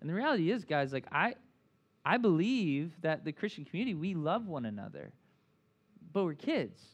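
A man preaching a conversational sermon as pastor, animated and full of asides, often checking in with "right?". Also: fairly high pitch, normal speed.

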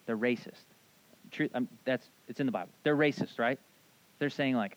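A man in his thirties preaching a sermon, animated and casual, acting out voices in his retelling. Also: medium pitch, normal speed, highs cut off. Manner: animated storyteller, acts out voices, casual asides. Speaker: pastor.

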